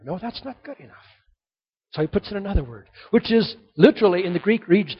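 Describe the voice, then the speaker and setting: A man preaching a sermon, asking rhetorical questions and swinging between loud emphasis and hushed, soft passages. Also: high-pitched, big pitch swings, fairly quick, slightly rough, highs cut off. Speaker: pastor.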